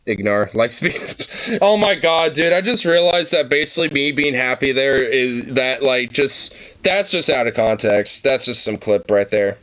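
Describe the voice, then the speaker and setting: A man's voice: mid-range voice, expressive, unhurried, fairly bright tone, clean tone. A man streamer doing casual, rambling reaction commentary, swearing and laughing often.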